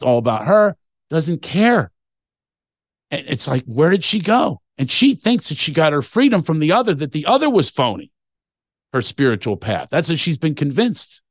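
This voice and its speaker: A man's voice: mid-range voice, dry recording, studio quality. Impassioned ranting male comedian guest. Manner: impassioned ranting with mocking asides and acted-out quotes. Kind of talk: animated podcast conversation.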